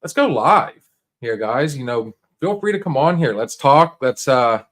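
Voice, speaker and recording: A man's voice: medium pitch, animated, fairly bright tone. Rambling laid-back man hosting a livestream. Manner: rambling, halting, many restarts and fillers; laid-back and encouraging, talks straight to viewers. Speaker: livestream host. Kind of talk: casual livestream chat.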